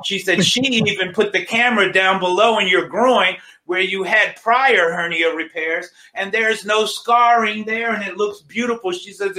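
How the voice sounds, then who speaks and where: Man, faith testimony, emphatic storyteller, forceful tone, echoey room. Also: sits high, moderate pace, few pauses. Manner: emphatic, retells dialogue with many "she says". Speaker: guest sharing a testimony.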